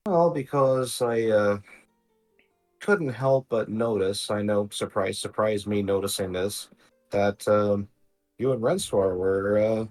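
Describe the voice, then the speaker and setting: A man's voice: lowish voice, slow, a little mellow, faint music behind. Man voicing an awkward, earnest young adventurer. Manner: hesitant, nervous delivery.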